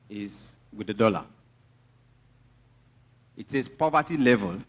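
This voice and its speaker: A man with a Nigerian accent, preaching a sermon as pastor, mixing teasing asides to the congregation with emphatic teaching. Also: fairly low pitch.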